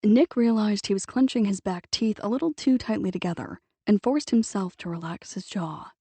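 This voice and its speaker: A woman narrating a novel in a steady storytelling read. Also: medium pitch, normal speed, husky, dry recording. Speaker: audiobook narrator. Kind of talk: scripted audiobook narration.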